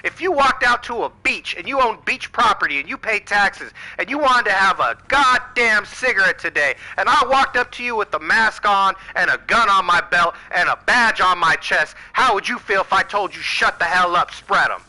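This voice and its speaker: A man's voice: sits high, expressive, normal speed, hardly any pauses, sharp tone, rough recording. An American man giving a heated, profane political rant to camera, firing off rhetorical questions. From United States. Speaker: channel host.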